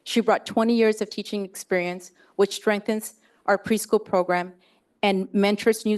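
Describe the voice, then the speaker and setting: A woman's voice: mid-range voice, fairly even intonation, normal speed. A woman who directs a preschool, presenting staff awards at a school board meeting and growing emotional as she speaks. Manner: heartfelt, gets emotional and laughs between tributes.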